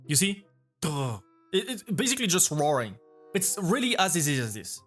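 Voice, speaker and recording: French-accented man reacting casually, a bit high-pitched, stops and restarts to explain. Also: sing-song, fairly bright tone, faint music behind. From France. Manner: halting, restarts often, explains patiently. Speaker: vtuber reacting to a video.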